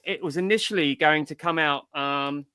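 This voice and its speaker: Chatting casually as an interview guest, a middle-aged comics writer tells long, meandering stories in a somewhat high, bright and forceful voice. His delivery is smooth and normally paced, and the audio is dry and close with no room sound.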